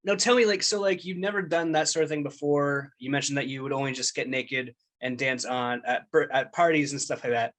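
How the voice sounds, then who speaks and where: A man's voice: medium pitch, brisk, hardly any pauses. A man hosting a casual interview podcast, joking around and often restarting his sentences. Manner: relaxed, joking, with stumbling restarts. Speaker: podcast host.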